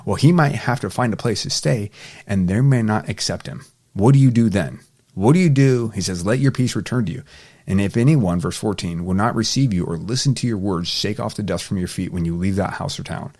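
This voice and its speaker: Low-voiced guy walking thru bible verses, reads a verse then explains it real casual. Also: brisk, darkish tone. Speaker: Bible teacher. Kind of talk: casual Bible study walkthrough.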